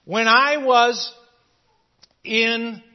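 Fervent preacher in a reverberant hall. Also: male voice, very high-pitched, fairly even intonation, drawn-out words. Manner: fervent, storytelling, voice rises and drops. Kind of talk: sermon with personal story. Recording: dull sound in a reverberant hall.

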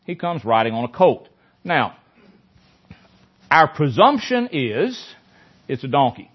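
A man's voice: a little high, sing-song, slow pace, slightly rough. A man leading a Bible study in a conversational teaching style, often repeating phrases for emphasis. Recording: dull lo-fi recording.

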